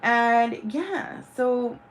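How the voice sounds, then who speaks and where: A woman's voice: fairly high pitch, extremely slow, a little hiss or hum. Woman chatting casually on a livestream. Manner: rambling and profane, with many fillers. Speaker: livestream host. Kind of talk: casual chat.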